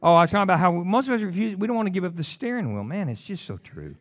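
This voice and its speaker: A man delivering a sermon with a lively, swinging delivery, rising into bursts of emphasis and drifting into jokey asides. His voice sits a bit high for a man. The recording is dull and lo-fi. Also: racing. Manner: fired up, rambling, jokey asides. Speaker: preacher.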